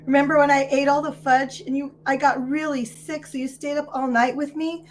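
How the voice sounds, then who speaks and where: A woman's voice: high voice, flat delivery, brisk, soft background music. Laid-back woman bantering at a game table. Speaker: player. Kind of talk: casual tabletop role-play chat.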